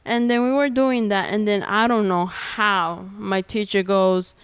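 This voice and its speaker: Young adult woman, podcast guest, earnest testimony in loose chatty phrasing with frequent "like"; very clean, smooth voice, dry close sound. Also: mid-range voice, fairly even intonation, a little slow, dry recording. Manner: earnest storytelling, many "like" fillers. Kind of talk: personal testimony in casual conversation.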